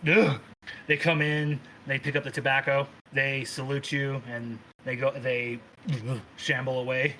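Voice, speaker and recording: A man's voice: medium pitch, slight background noise, poor audio. A man narrating a tabletop role-playing game as game master, casual and profane. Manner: casual, profane, lively describing.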